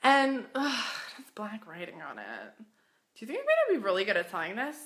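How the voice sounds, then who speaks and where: A woman coaching boutique owners in a casual live stream, bubbly and excitable, chatty and full of "like.". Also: medium pitch, a little fast. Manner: chatty, says "like" often.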